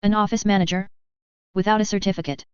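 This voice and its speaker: A woman voicing an anxious, doting alien mother, smooth and low in a dry, slightly dull recording. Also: fairly even intonation, fast, no room sound, close to an everyday voice. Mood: worried. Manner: anxious, suspicious.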